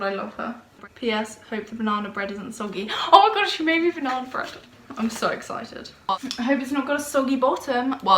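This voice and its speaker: A woman's voice: mid-range voice, fairly bright tone. A young woman chatting casually to camera in her bedroom, bubbly and gushing. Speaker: vlogger. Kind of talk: casual vlog chat. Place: bedroom at home. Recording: roomy home recording with faint noise.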